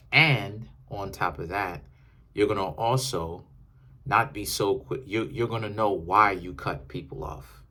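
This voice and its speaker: A man's voice: sits low, a bit bright. A man giving a casual, rambling tarot reading, often correcting himself as he talks. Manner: rambling, self-correcting, conversational. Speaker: tarot reader.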